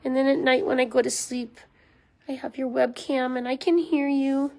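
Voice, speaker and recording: Chatty woman with a fairly high voice. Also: flat delivery, normal speed, low-quality recording. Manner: chatty and rambling with many ums, softening into baby talk for the dog. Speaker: dog rescue volunteer. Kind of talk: casual talking-head explainer to camera. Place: small room at home with a puppy pen, indoors.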